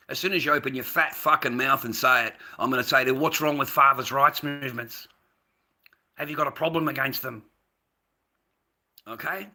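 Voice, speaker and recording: Very bright-voiced sweary Australian man. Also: medium pitch. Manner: sweary, rambling, swings between ranting and weary. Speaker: livestream host. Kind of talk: casual livestream talk to viewers.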